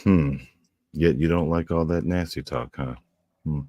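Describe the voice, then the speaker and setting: Very deep-voiced joking man. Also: unhurried, mellow. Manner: joking, laughs often. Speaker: co-guest on a livestream. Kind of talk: casual chat on a livestream.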